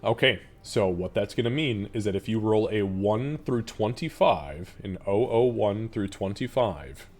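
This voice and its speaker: A man running a live tabletop game as game master, narrating and swearing freely in an animated way. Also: on the low side, unhurried, hardly any pauses.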